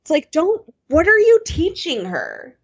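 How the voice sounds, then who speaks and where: A woman's voice: sits high, wildly swooping pitch, unhurried. A young woman co-hosting a podcast, steadily narrating a reality show's plot with dry asides. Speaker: podcast co-host. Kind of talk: casual chat recapping a reality show. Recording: dull lo-fi sound.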